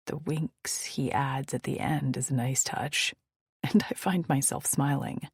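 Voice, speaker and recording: Low, husky woman narrating a romance. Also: a little slow, dry recording, clean studio sound. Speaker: audiobook narrator. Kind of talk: first-person romance audiobook narration.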